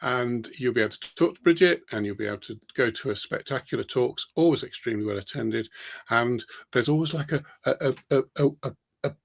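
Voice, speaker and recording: A man's voice: medium pitch, gravelly. A man hosting a live stream, plugging an event in an enthusiastic, repetitive way. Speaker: host.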